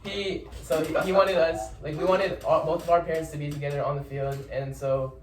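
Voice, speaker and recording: A young man tells a rambling story in casual podcast chat, repeating words and giving shout-outs. His voice sits a little high. He is recorded from a distance in a roomy, echoing space with faint background noise. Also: level tone, moderate pace. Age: young adult. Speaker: podcast guest.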